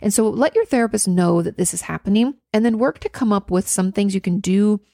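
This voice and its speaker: A woman's voice: medium pitch, fairly quick, vocal fry, warm tone, no echo, studio quality. A woman therapist casually answering viewer questions, chatty and full of "like" fillers. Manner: conversational, many "like" fillers.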